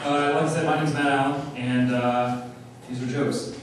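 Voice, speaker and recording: A young man doing deadpan stand-up comedy on a club stage, with a flat, dry delivery and pauses. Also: medium pitch, distant mic, over a noisy crowd. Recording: echoey room heard from afar, noisy.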